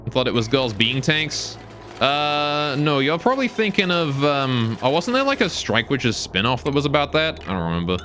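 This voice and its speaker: Bright-voiced British-Canadian gaming streamer. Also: male voice, mid-range voice, very animated, moderate pace, a little hiss or hum. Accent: British, now mostly Canadian. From Britain. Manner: chatty and rambling, reads viewer questions aloud. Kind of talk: casual live-stream chat while playing.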